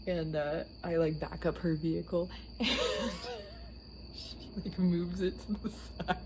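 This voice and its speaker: A woman's voice: fairly low pitch, fairly even intonation, unhurried, warm tone, a little hiss or hum. A young woman casually telling a funny story, laughing often mid-sentence.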